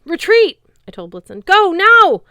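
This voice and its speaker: A woman voicing a reckless, cocky teenage boy who shouts taunts and orders. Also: very high voice, big pitch swings, fast talker, no room sound, pitched above the performer's own voice. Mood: urgent.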